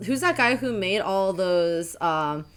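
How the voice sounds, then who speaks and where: A woman's voice: medium pitch, lively intonation, slow, clean tone. A woman co-hosting a casual podcast chat, rambling with lots of fillers and frequent laughter. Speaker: podcast co-host.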